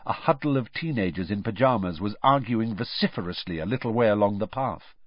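A man reading fiction aloud as an audiobook narrator, measured but expressive. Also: on the low side, dry recording. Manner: measured storytelling with lively swings. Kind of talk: scripted narration. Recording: dull dry lo-fi recording.

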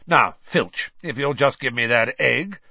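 A man voicing a gruff, scarred, menacing old male fighter who barks and speaks with dry menace, on a slightly dull, dry recording. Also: medium pitch, a little slow, no room sound. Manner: gruff, barking and dryly menacing.

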